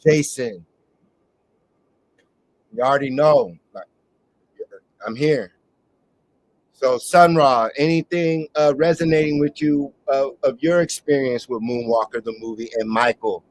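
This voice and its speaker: A man's voice: medium pitch, unhurried, long pauses, no echo, rough recording. A man hosting a live online talk show, delivering a rambling, emphatic monologue. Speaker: host.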